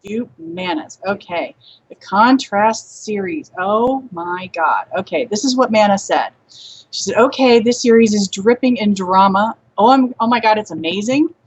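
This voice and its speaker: A woman chatting casually as a co-host on a live stream, easygoing and quick to laugh, heard through dull, lo-fi audio. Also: mid-range voice, animated, slightly rough. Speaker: podcast co-host.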